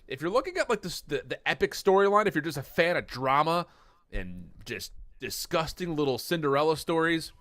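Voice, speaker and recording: A man's voice: a little high, big pitch swings, a little fast, fairly bright tone, dry recording. A man casually co-casting an esports match, chatty and jokey, rambling with lots of fillers. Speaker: esports co-stream caster.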